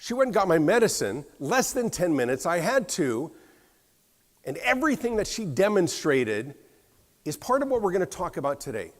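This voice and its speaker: An American man giving a conference keynote, telling a story in an animated way, slightly hoarse from a cough. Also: sits high, moderate pace. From United States. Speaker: keynote speaker. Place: large conference hall. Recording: reverberant hall sound.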